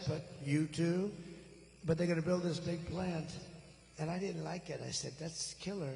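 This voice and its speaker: A man's voice: sits high, a bit bright, long reverb tail, slight background noise, poor audio. A man in his seventies giving an off-the-cuff, rambling, boastful campaign rally speech into a stage microphone. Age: 70s. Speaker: political candidate. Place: large rally venue.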